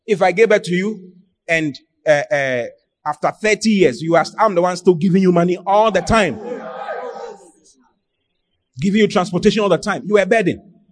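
A man's voice: high voice, normal speed, long pauses. A man preaching a sermon, emphatic, repeating phrases and firing rhetorical questions at the congregation. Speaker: pastor.

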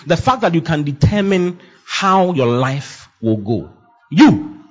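A man preaching a sermon, making emphatic, repetitive declarations that swing from loud to hushed. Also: on the high side, sing-song, slow pace. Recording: dull lo-fi sound.

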